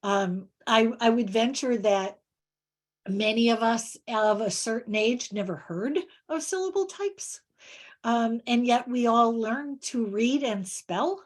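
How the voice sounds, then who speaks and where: Slow, halting woman presenter. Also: on the high side. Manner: halting, many fillers and restarts; explains with word examples. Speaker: presenter on reading instruction. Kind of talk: webinar presentation with Q&A.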